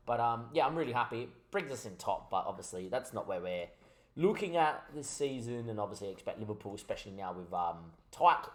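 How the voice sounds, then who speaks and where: A man giving casual commentary on his football management game, a little tipsy from wine, switching between excitable mock match calls and chatty asides. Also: mid-range voice, fast.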